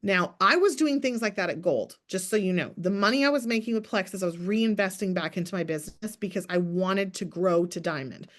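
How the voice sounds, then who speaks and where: A chatty woman in her thirties gives a lively coaching talk to her sales team. She talks fast and keeps acting out sample messages in a brighter voice. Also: medium pitch.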